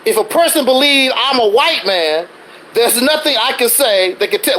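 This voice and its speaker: A man's voice: very high-pitched, lively intonation, moderate pace, bright, forceful tone, slight background noise, poor audio. A man hosting a livestream, ranting defensively in a casual monologue full of rhetorical questions. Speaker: livestreaming channel host.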